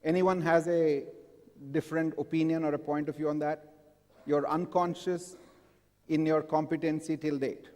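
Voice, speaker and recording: A man speaks in a fairly high voice to a live audience in a large hall. He often stops to ask the crowd questions. A long reverb trails after his words. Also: flat delivery, normal speed, a little mellow. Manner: engaging, asks the audience frequent questions. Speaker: conference speaker. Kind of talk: live conference talk.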